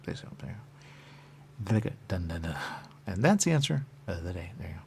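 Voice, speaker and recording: Talking fast in a radio studio, a very deep-voiced host with a gravelly, fry-heavy voice rambles through his monologue with big pitch swings. He keeps repeating phrases and leaps into abrupt loud bursts, while a faint hiss lies under the audio.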